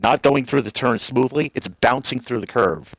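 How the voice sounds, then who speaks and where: On a call, a man from New Jersey tells loose, wandering stories casually, animating them by doing the voices himself. His pitch is medium and his pace moderate, heard through a low-quality recording.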